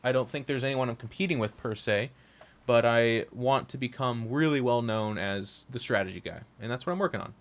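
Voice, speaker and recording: A man's voice: mid-range voice, fairly quick. A young man speaking frankly to his audience about his career, rambling and often restarting his sentences. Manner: frank, rambling, self-interrupting. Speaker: streamer and caster. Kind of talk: candid monologue to camera.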